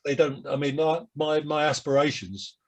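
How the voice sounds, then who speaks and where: A man in his seventies with a London Cockney accent, a guest telling rambling, self-deprecating stories in a relaxed interview over a video call. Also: on the high side, normal speed. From London, England. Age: 70s. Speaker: guest musician. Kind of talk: reflective interview chat.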